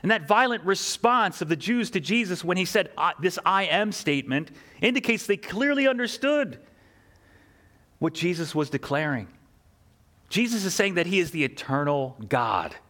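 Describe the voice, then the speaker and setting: A man's voice: high-pitched, expressive, moderate pace, pushed and bright. A man preaching a sermon, earnest and emphatic, asking rhetorical questions and repeating key phrases. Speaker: pastor.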